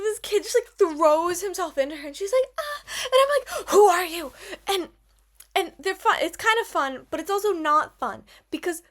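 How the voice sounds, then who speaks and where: Young girl vlogging a rant in her dark room, high pitched, super animated, like like like. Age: young adult. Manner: animated, exaggerated, lots of "like" fillers. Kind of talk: casual rant to camera. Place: dark bedroom. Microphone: built-in camera mic.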